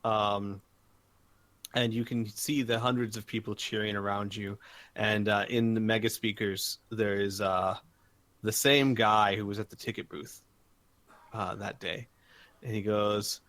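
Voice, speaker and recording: A man's voice: fairly low pitch, steady tone, unhurried, a bit bright. A man narrating as game master in a casual tabletop game, hesitant and full of fillers.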